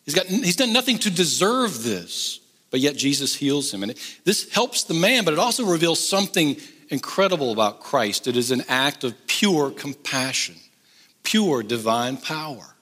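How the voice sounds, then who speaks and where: A middle-aged man with a drawl delivers a sermon, moving from pointed questions to easygoing humor. His pitch is animated and swings widely. The sound rings out in a large hall with long reverb. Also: moderate pace. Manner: conversational, joking asides. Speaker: pastor.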